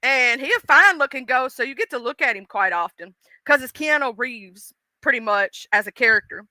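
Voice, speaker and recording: A woman chatting casually on her live stream, animated and chatty, cursing freely and reacting to her viewers' comments. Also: sits high, fairly quick, no room sound.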